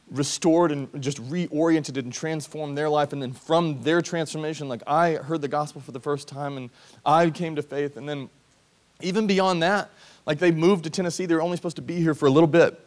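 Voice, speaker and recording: A man in his thirties from Georgia, USA, preaches a sermon during a church service, weaving in personal stories. His voice is fairly high and moves at a normal speed, and his delivery is conversational and earnest as he acts out quoted voices.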